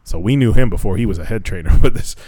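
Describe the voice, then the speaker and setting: A man's voice: animated, quick pace, dark tone, slightly rough, dry recording, rough recording. Laughing, cursing podcast guy. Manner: laughs often, swears, acts out quotes in high voices. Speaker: podcast co-host. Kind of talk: casual chat.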